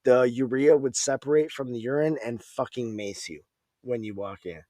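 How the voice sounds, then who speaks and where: A man's voice: medium pitch, moderate pace, dark tone, dry recording. A man in his thirties hosting a casual podcast, talking in a laid-back, wry, profane way. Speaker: podcast host, veteran. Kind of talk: casual conversation.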